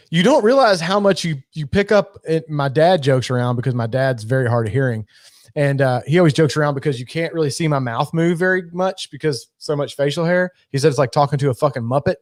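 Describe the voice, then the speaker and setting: A man co-hosting a podcast, chatting casually in an animated way with swearing. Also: fairly high pitch, no room sound, studio quality. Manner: animated, swearing, laughs easily. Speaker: podcast co-host. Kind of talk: casual chat.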